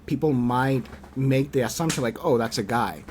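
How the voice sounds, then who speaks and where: A man hosting a casual interview podcast with a creator tells stories energetically, swearing candidly now and then and raising his voice to act out the people he quotes. His mid-range voice moves at a moderate pace over slight background noise.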